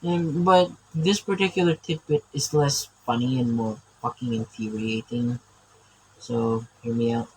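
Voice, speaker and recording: Slow, rambling man chatting while drawing. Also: mid-range voice, steady tone, slight background noise, poor audio. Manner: rambling, stammering, laughs often. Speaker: artist drawing on camera. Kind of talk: casual chat while drawing.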